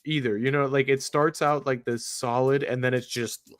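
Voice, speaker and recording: A man's voice: medium pitch, fairly even intonation, normal speed, no room sound, studio quality. A man co-hosting a casual fan livestream, bantering in a laid-back way and laughing often.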